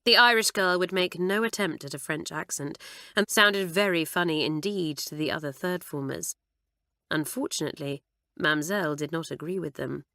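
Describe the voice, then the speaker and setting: A woman reading a children's audiobook aloud in an expressive way, close to the mic. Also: sits low, moderate pace, no room sound. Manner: expressive, animated. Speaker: audiobook narrator.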